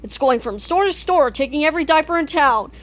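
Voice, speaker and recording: Woman reading a kids comic out loud, really high voice, bouncy, reads the sound effects too. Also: lively intonation, fairly quick. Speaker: read-aloud narrator. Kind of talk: reading a children's comic book aloud.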